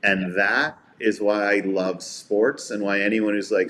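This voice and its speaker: A man's voice: fairly low pitch, little pitch movement, unhurried, few pauses. A man co-hosting a sports podcast, telling stories in a casual, heartfelt way. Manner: warm storytelling, heartfelt. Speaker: podcast co-host.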